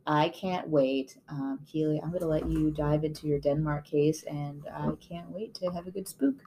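A woman's voice: low voice, steady tone, normal speed, warm tone, a little hiss or hum. A woman co-hosting a casual podcast, playful and bubbly, laughing often. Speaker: podcast co-host. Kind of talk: casual chat.

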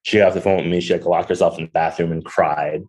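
A man's voice: low-pitched, fairly even intonation, fast, darkish tone, breathy edge, low-quality recording. A young man, a podcast guest and restaurant owner, telling a personal story candidly with lots of fillers. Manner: candid, rambling, many fillers. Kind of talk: conversational storytelling.

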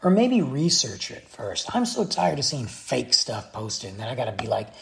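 A man's voice: mid-range voice, big pitch swings, normal speed, vocal fry, a bit bright. A man giving a blunt, exasperated opinion rant straight to his viewers. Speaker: vlogger. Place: Texas.

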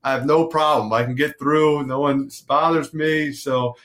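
A man's voice: fairly high pitch, fairly even intonation, moderate pace, a bit bright. Rambling retired quarterback, man. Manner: rambling, self-correcting, lots of fillers. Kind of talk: casual interview talk.

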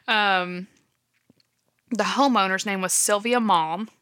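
A woman's voice: medium pitch, slow pace, a bit bright, clean tone. A woman casually retelling a true-crime case from her notes, with many fillers like "um" and "like". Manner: chatty, filler-heavy, checks her notes. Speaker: podcast co-host.

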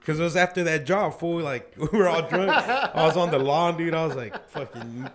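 A man's voice: fairly high pitch, expressive, moderate pace, crowd noise. A young man telling rowdy stories in a casual chat, full of slang and swearing. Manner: profane, slangy, says bro a lot.

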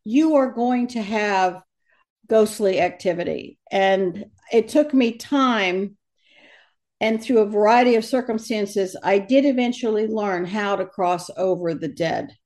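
A woman telling stories as a guest in an interview, animated and quoting others as she goes. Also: medium pitch, unhurried. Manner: animated storyteller, quotes others in lively voices. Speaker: guest, medium who crosses over the dead. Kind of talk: storytelling in a conversational interview.

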